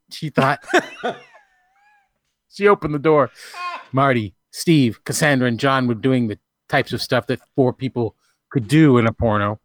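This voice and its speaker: A man's voice: medium pitch, dry recording. A man reads a lurid fan fiction story aloud with mock drama, cracking himself up now and then. His voice sits in a middle register and sounds dry and close to the mic. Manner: dramatic storytelling, breaking into laughs. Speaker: podcast host. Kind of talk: comic reading of fan fiction.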